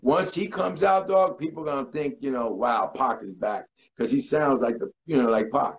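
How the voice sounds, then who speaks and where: A man in his forties, a guest in a casual interview, telling stories in an animated way and acting out quotes. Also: fairly high pitch, moderate pace, poor audio. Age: 40s. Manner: animated, acts out voices and quotes.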